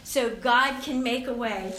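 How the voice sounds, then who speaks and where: A woman in her fifties giving a casual Christian talk to young people, chatty and animated, often laughing and acting out the voices in her head. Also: a little high, measured pace, slight background noise. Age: 50s. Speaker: youth speaker. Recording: roomy, distant hall mic with faint ambience.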